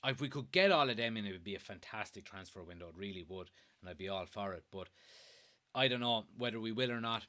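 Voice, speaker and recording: A man's voice: fairly low pitch, fast, pushed and bright. A man in his late twenties with an Irish accent from Kilkenny, hosting a fan live stream, reading viewer comments in a chatty way and swearing casually. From Ireland.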